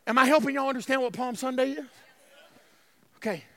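A male pastor preaching a sermon, swinging from shouted declarations to hushed passages and calling out to the congregation. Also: very high-pitched, a little fast, dry recording. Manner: calls to the congregation, y'all. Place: church sanctuary.

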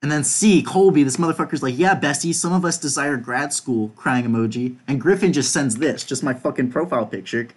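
A man's voice: mid-range voice, brisk, hardly any pauses, slightly rough. A young man chats casually on a podcast, reading group chat messages aloud. His talk is loose and offhand, with casual swearing mixed in. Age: young adult. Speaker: podcast host.

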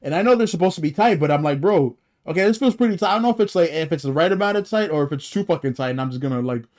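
Talking very fast in an expressive, darkish voice on the high side, a young podcast co-host gripes about his week with heavy swearing and repeated restarts during a casual chat.

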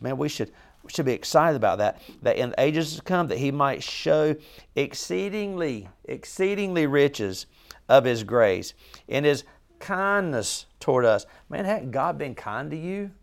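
Male Bible study leader, mid-pitched with a gravelly edge, informal, earnest and emphatic, often questions the group. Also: animated, a little slow. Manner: conversational, asks the group questions, frequent restarts.

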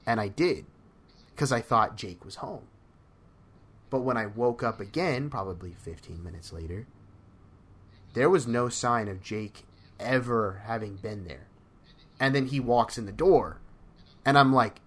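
Low-voiced young man, hesitant storyteller. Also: measured pace. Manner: relaxed storytelling, trailing off, hesitant. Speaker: podcast co-host. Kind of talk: casual chat.

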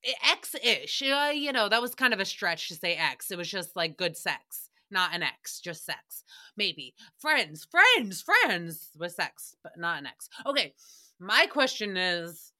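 A woman's voice: mid-range voice, sing-song, a little slow, bright, forceful tone. A woman hosting a podcast, giving a sassy, giggly comedic recap in a chatty monologue. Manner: sassy, giggly, jumps between voices and rhymes. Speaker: podcast host.

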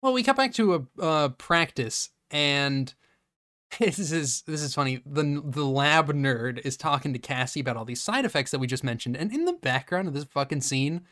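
A man's voice: fairly high pitch, lively intonation, normal speed, a bit bright, dry recording, studio quality. A man co-hosting a podcast, casually recapping a movie scene by scene, swearing freely and acting out the characters' lines. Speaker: podcast co-host.

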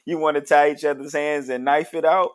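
A man's voice: on the high side, fairly even intonation, a little fast. A man bantering as a guest in a casual chat, teasing with laid-back comebacks. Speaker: podcast guest. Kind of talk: casual chat between friends.

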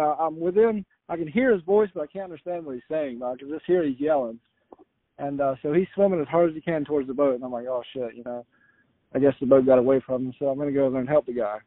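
A man's voice: a little high, no room sound. A man from rural Florida telling a long casual story, rambling and correcting himself with frequent "uh". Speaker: guest storyteller. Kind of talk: casual anecdote. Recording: tinny phone-like line, dry.

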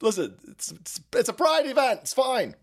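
A middle-aged man hosting a profane political livestream, loud and rambling, reading out viewer messages with frequent laughter. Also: very high voice, wildly swooping pitch, moderate pace. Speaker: livestream host.

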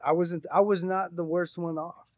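A man's voice: high voice, normal speed, no echo. A man casually telling a rambling, profane story on a podcast. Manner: profane, rambling, animated retelling. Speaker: podcast co-host. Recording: dry, slightly dull sound.

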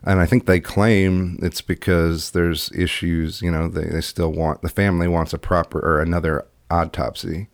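A man with a very low voice talks as a guest on a casual podcast. He rambles, circling back with fillers and restarts as he goes. The sound is dry and close, with no room around him. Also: flat delivery, normal speed, vocal fry, hardly any pauses, no echo. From Iowa. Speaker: podcast guest, political candidate. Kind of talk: casual interview chat.

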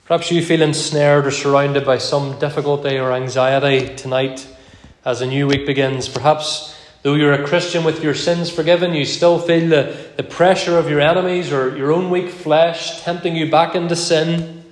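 A man preaching an evening sermon in a measured, earnest way, slowing down to read verses aloud, with an occasional cough. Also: fairly high pitch, little pitch movement, echoey room. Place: church.

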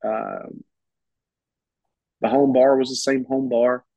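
He speaks slowly in a mellow, level mid-range voice, with no echo. As a podcast guest he drifts through casual anecdotes, often restarting what he's saying, and the sound is slightly muffled and dull.

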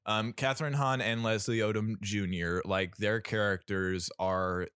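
A man's voice: fairly low pitch, steady tone, a little slow, fairly bright tone, clear, resonant tone, no room sound, studio quality. A man co-hosting a podcast, casually reviewing a film, rambling with many fillers and restarts. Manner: rambling, lots of fillers and restarts, laughs often. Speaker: podcast co-host.

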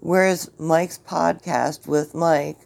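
A woman with a New Jersey accent chats casually on a podcast, her voice sitting low. She gets easily exasperated and bickers with her co-host. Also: fairly even intonation, vocal fry, a little mellow. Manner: quick to take offense, exasperated and bickering. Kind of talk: casual chat.

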